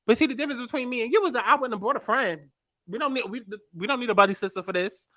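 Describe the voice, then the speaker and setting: Young woman host, bright punchy voice, cusses and riffs in disbelief. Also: on the high side, rapid-fire. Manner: animated, profane, exasperated riffing. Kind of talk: comedic commentary.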